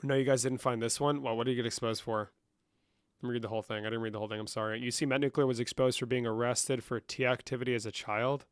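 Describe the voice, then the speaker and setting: A man's voice: mid-range voice, fairly even intonation, quick pace, clean tone, no room sound, studio quality. A young man live-streaming, casually reading chat comments and answering them with lots of swearing. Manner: profane, reads chat aloud and answers.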